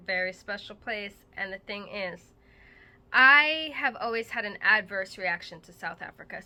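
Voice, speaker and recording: Woman from Massachusetts, middle-aged, very bright sharp tone, earnest casual teaching talk, chatty with fillers. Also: medium pitch. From Massachusetts, United States. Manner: earnest, conversational, loose with fillers. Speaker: host.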